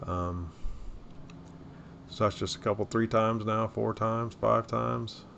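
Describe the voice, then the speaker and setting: A laid-back man with a low, gravelly voice talks through his trades on a live stream. He laughs easily and stays unbothered. The audio is dull and lo-fi, with faint hiss underneath. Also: fairly even intonation, slow, a bit bright. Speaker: trading stream host. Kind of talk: casual live trading chat.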